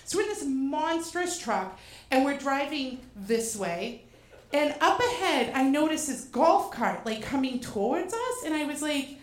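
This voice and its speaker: A woman from Boston telling a comic personal story, animated and profane with self-mocking asides, in a live show venue. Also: high voice, a little fast. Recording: roomy echo.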